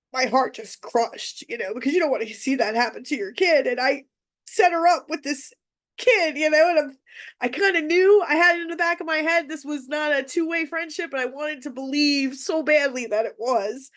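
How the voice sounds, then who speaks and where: A woman with a slightly high voice tells a personal story about raising her child. She talks casually and candidly and often goes back to restart a phrase. Her tone is open and conversational, like she is talking to other parents. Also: normal speed, fairly bright tone. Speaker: mother sharing parenting advice.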